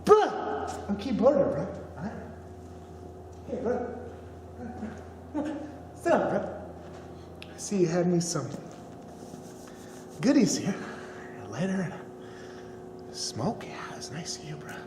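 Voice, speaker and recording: A man's voice: high-pitched, very animated, takes it slowly, long pauses, a little mellow, heavily acted. A man voicing a laid-back male skater-bro ghost who drawls and keeps saying "bro". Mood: mellow slacker. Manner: drawling, says "bro" constantly. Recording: echoey hall with faint noise.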